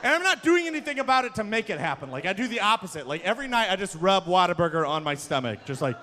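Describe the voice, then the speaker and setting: A young man doing stand-up comedy at a live event, telling self-deprecating stories with sudden shouts. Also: sits high, big pitch swings, quick pace. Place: large hall, live event. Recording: long hall reverb from a live venue.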